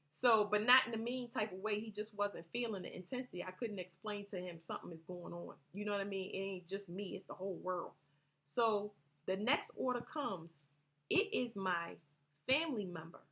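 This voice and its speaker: A woman's voice: medium pitch, a bit bright. Woman vlogger: casual, rambling storyteller, salty language, mid-range voice. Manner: rambling, profane, laughs while telling. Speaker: vlogger telling personal stories.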